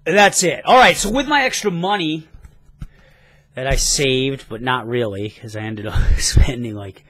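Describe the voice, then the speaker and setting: A man of middle pitch chats about his comic purchases in a loose, rambling way. His enthusiasm spills out with casual swearing. The sound is dry and close, with little room. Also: a bit bright, dry recording. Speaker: comic book vlogger. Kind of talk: casual review vlog.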